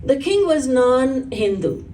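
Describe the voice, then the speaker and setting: A woman's voice: high voice, big pitch swings, slow, dark tone, recorded from a distance, a little hiss or hum, low-quality recording. A woman spiritual teacher giving a religious discourse, explaining earnestly and telling stories.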